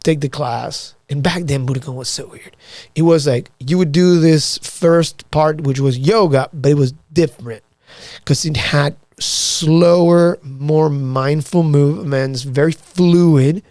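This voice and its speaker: Animated, profane storytelling man. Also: a little high, measured pace, dry recording, studio quality. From Argentina. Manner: animated, profane, acts out quoted dialogue. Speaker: podcast guest. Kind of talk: casual storytelling.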